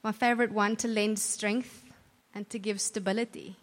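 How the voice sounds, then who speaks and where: With fairly even intonation, a mid-range voice, and a normal pace, a woman gives a sincere church talk. She preaches warmly and conversationally, often starting her sentences over, against long hall reverb.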